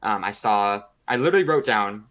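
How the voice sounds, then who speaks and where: A man co-hosting a podcast, telling a story in a casual, profane, animated way with acted-out quotes. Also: on the low side, fairly quick. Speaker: podcast co-host.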